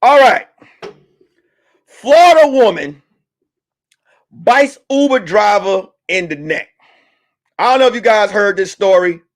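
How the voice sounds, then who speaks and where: A man hosting a comedy talk stream, ranting loudly and profanely about the news. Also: sits high, slow pace, long pauses. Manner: loud, animated, profane ranting. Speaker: comedian host. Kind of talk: comedic commentary.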